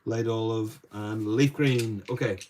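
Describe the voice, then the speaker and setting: A man's voice: lowish voice, fairly even intonation, measured pace, darkish tone. A man with a Northern Irish accent, chatting casually as he runs a live painting demo and greets viewers by name. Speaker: art tutor streaming live.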